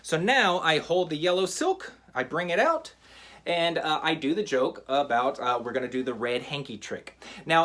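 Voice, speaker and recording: A man teaching a magic trick in a relaxed, chatty how-to style, with frequent fillers. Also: a little high. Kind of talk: casual how-to tutorial.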